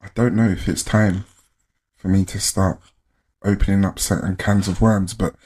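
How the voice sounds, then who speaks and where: A man's voice: low voice, steady tone, normal speed, a little mellow, husky. A young man, co-hosting a podcast in casual chat, throwing in jokes and asides. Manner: joking, chuckling asides. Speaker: podcast co-host.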